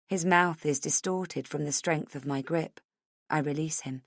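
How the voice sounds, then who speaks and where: A woman narrating a suspense audiobook in the first person, measured and tense. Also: deep voice, no room sound, clean studio sound.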